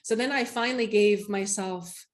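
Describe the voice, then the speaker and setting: A woman's voice: medium pitch, moderate pace. A woman guest, a medium, telling an emotional personal story in an interview, heartfelt and earnest with many restarts.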